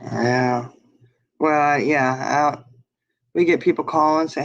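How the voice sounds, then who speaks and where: A woman's voice: low voice, fairly even intonation, takes it slowly. Woman, chatty storyteller, lots of laughs, dull lo-fi sound. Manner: chatty, laughs often, lots of "you know". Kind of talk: casual chat, storytelling.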